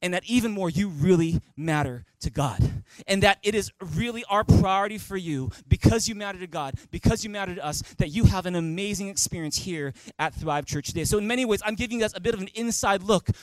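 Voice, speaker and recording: A man's voice: sits high, a little fast, few pauses, no echo, low-quality recording. A male pastor preaching a sermon at a church service, emphatic and repeating key phrases, leading the congregation in reading aloud. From Canada.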